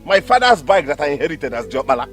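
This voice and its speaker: A pleading Nigerian bike rider. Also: male voice, fairly high pitch, big pitch swings, quick pace, a bit bright, soft background music. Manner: pleading, switches between English and Igbo. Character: pleading young male motorbike taxi rider.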